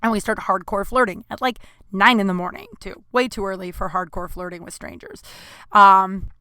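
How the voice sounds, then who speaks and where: A woman's voice: mid-range voice, fairly even intonation, normal speed, bright, forceful tone, smooth, no room sound. A woman comedian hosting a podcast, telling a story casually and candidly, rambling into asides.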